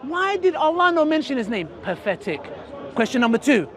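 A man's voice: very high voice, very animated, a little fast, fairly bright tone. A man debating in an outdoor park, mocking and emphatic, talking to the crowd. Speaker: street debater. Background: crowd chatter.

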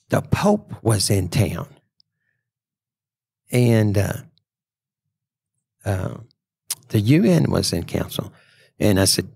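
A man's voice: fairly low pitch, sing-song, slow pace, vocal fry, long pauses, darkish tone, husky, no echo, studio quality. A man, a podcast guest telling a casual story and acting out the quotes in a raised voice. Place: trade show.

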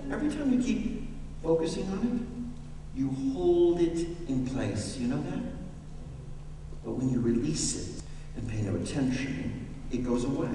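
A man preaching a sermon as pastor, animated, swinging from hushed to loud. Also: mid-range voice, unhurried, slight background noise. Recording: echoey church hall, distant mic.

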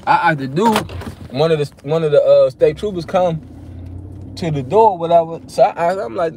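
A young man casually telling a story straight to his viewers, animated and full of slang, acting out his own replies as he goes. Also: on the high side, moderate pace, a little hiss or hum. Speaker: vlogger telling a personal story.

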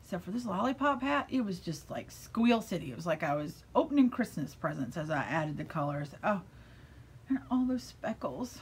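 A woman's voice: lowish voice, big pitch swings, moderate pace, slight background noise. Bubbly American woman gushing about knitting. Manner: bubbly and gushing, with breathy asides. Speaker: yarn shop owner and vlogger. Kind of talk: casual chat about knitting. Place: her yarn shop.

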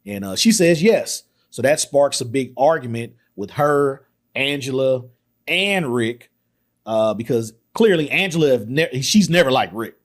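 A man hosting a podcast, excitedly retelling a film's scenes in casual talk, acting out the lines. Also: medium pitch, measured pace. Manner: excited retelling with acted quotes, laughs often. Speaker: podcast host. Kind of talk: casual film discussion.

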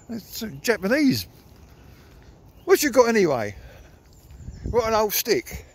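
A man's voice: high-pitched, wildly swooping pitch, a little slow, long pauses, husky. An Englishman giving a casual running commentary outdoors in the countryside while coaxing his dog along. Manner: chatty, coaxing the dog in a sing-song voice. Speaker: vlogger walking his dog. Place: outdoors in countryside with old trees.

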